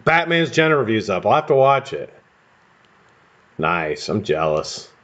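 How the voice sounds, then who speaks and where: A man's voice: fairly low pitch, big pitch swings, a little slow, fairly bright tone. An American man hosting a live stream, chatting casually and rambling with casual swearing while he builds coils. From United States. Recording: dull lo-fi stream audio.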